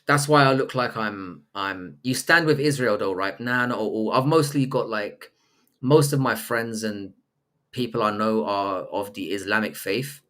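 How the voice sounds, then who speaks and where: Dude doing a casual live stream, reads chat out loud and swears a lot, jokey. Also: male voice, lowish voice, a little slow. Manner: crude, profane, joking banter with chat; reads viewer messages aloud, then answers. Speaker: livestream host reading chat.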